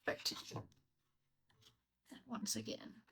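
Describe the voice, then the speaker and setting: A woman's voice: slow pace, sharp tone, poor audio. A woman chatting casually on a live stream as she works on a craft piece, often murmuring encouragement to herself. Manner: murmurs to herself, self-coaching. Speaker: craft livestreamer. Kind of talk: casual live-stream chat while working.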